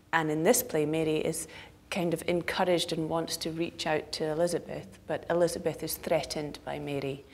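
A woman, a stage actress, talking reflectively about her role in an interview, sometimes dropping to a near whisper. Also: low-pitched.

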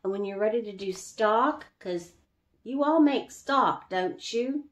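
A woman's voice: mid-range voice, lively intonation, unhurried, echoey room. A woman chatting casually through a home cooking how-to in her kitchen, laughing often and drawing out some words. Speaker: home brewing vlogger.

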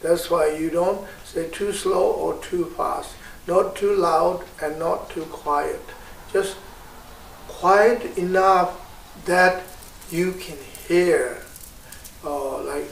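A man with a Tibetan accent teaching a guided meditation, slow and patient with many hesitations. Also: sits high, steady tone, vocal fry, a little hiss or hum. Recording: roomy, distant mic.

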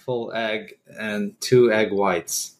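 A man's voice: on the low side, fairly even intonation, slow. A man co-hosting a casual podcast, reading a history story aloud and laughing at his own slip-ups. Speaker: podcast co-host.

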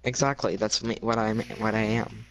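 A man's voice: on the low side, little pitch movement, moderate pace. A man chatting casually while playing a video game, goofing around with teasing banter and mock confusion. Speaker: gamer.

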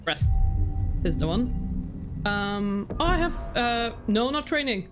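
A woman's voice: on the high side, very animated, slow pace, over music. A young woman streaming a video game, chatting casually, giggling and breaking off her own sentences. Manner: chatty, giggly, self-interrupting. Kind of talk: casual gameplay commentary.

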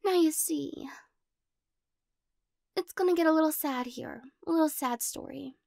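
A woman's voice: high-pitched, a little slow, creaky, a little mellow, no echo, clean studio sound. A woman playing a weird, giggly girl in whispered role-play. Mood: quirky.

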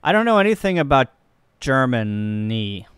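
A man from Missouri, a ham radio operator, chatting casually and joking on a live stream while he works the radio and thinks out loud. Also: medium pitch, big pitch swings, normal speed, clear, resonant tone, no room sound, clean studio sound. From Missouri, USA.

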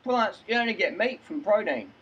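A man putting on a mock Cockney accent to play a slow, insistent know-it-all who doubts him. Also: sits high, big pitch swings, a bit bright, husky, lo-fi sound, voice pushed up, heavily acted. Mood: smug.

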